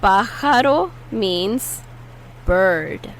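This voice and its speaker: A woman teaching Spanish vocabulary in a patient way, saying each word slowly and repeating it for learners. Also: medium pitch, animated, a little hiss or hum, poor audio. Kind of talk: slow, clear language lesson.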